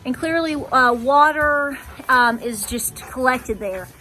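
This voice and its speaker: A woman's voice: high voice, slow pace, pushed and bright. A woman, chatting cheerfully as a homestead vlog host while doing chores in a barn. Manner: chatty, cheerful, talks to her animals. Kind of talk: casual vlog chat. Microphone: camera held by a helper.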